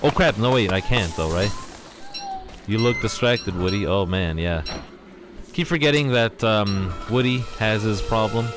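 A man casually commentating on his own gameplay, rambling and exclaiming often, a little out of breath. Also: on the low side. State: slightly out of breath. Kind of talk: casual let's-play commentary.

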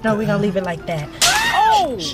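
A young woman hosting a prank vlog, talking in an animated, sing-song, slangy way. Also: mid-range voice, brisk. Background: loud background music.

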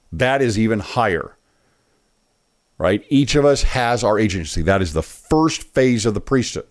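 A man giving earnest, emphatic commentary on a political speech clip, pausing it to preach his point. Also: fairly low pitch, a little mellow. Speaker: online commentator.

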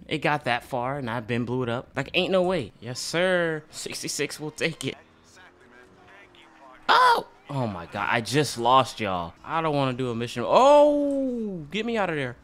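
This gaming YouTuber delivers casual, excitable gameplay commentary and often bursts into loud laughter. He speaks at a medium pitch and a moderate pace.

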